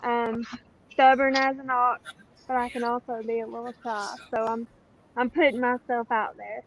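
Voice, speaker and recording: A woman with a Southern US accent chatting casually on a live stream call, folksy and quick to laugh. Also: a little high, level tone, poor audio. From American South. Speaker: guest caller. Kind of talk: casual chat.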